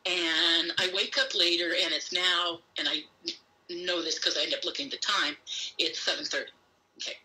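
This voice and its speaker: A woman with a very bright, keen tone tells a long personal story in an interview. She swings her pitch up and down to voice the people in it, fills gaps with "you know" and "so," and talks while pacing on a remote call. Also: steady tone, normal speed, low-quality recording. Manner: acts out others' lines with shifting pitch, many fillers. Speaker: guest, abductee recounting experiences. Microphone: phone or remote call while pacing.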